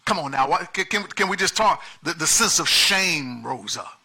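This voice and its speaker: Male pastor, high and bright voice, dynamic preaching that jumps between hushed and loud. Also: normal speed, husky. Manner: animated preaching, swings from soft asides to loud emphasis. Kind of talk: sermon.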